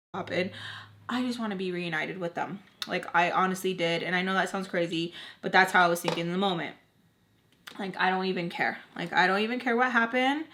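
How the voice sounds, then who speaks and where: A woman's voice: mid-range voice, fairly bright tone. A young woman telling a personal story in a casual vlog while she does her makeup. She talks chattily, fills her speech with "like" and acts out what the other people said. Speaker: YouTube storyteller.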